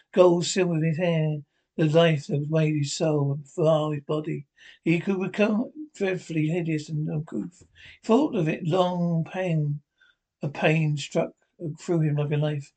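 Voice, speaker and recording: A man reads a classic novel aloud as an audiobook. His voice is a little high for a man. He keeps a steady, measured pace through the narration. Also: poor audio. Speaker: reader.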